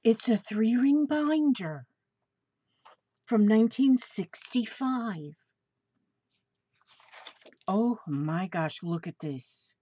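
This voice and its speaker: Her voice runs high and expressive, mellow and husky, with drawn-out words, long pauses and no echo. This woman on a crafting channel exclaims over the gifts she got by mail in a relaxed show-and-tell. The home recording sounds slightly dull, with a little background noise.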